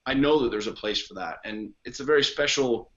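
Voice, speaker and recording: A man's voice: medium pitch, fairly quick, fairly bright tone, dull audio. A man talking as a podcast guest and coach in casual conversation, blunt, emphatic and heavy on profanity.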